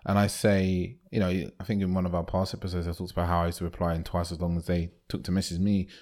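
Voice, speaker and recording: A man's voice: deep voice, quick pace. A man co-hosting a podcast, chatting casually and acting out quoted lines. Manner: animated, acts out quoted lines. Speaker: podcast co-host.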